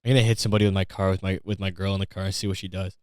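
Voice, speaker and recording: A man's voice: deep voice, flat delivery, rapid-fire, darkish tone, clean tone, no room sound, clean studio sound. A young man hosting a comedy podcast, ranting in a profane, sarcastic way and slipping into mocking voices. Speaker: podcast host.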